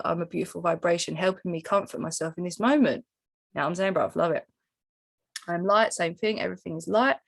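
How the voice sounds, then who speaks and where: Woman coach, slightly low voice, chatty and animated with sudden high jumps. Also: vocal fry, no echo. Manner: animated, swoops up into high pitch for emphasis. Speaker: spiritual coach. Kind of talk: casual spiritual teaching monologue.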